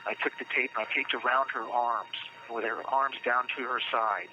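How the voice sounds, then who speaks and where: A man in a phone interview from jail, recounting events in a plain, halting first-person way. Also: mid-range voice, steady tone, pushed and bright, muffled recording, soft background music. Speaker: jailed murder suspect.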